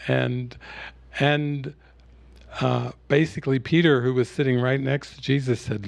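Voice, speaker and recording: Man, spiritual teacher, retreat talk, storytelling, dry close sound, mid pitch. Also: fairly even intonation, measured pace, creaky, no echo. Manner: storytelling, retells scenes with acted quotes. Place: online retreat session.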